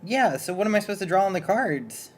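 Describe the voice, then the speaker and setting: A man's voice: high-pitched, lively intonation, brisk. Hesitant rambling man chatting at home. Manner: rambling, hesitant, nervous restarts. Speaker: streamer's partner and guest artist. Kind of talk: casual chat.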